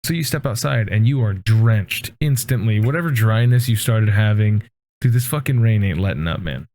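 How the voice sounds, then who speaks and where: A man's voice: fairly low pitch, animated, moderate pace, a little mellow. A man narrating a tabletop role-playing game as game master, in a casual, profane way.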